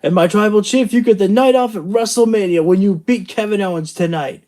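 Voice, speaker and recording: A man putting on an earnest, excitable male pro wrestler making emphatic declarations. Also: high-pitched, a little fast, pitched above the performer's own voice, close to an everyday voice.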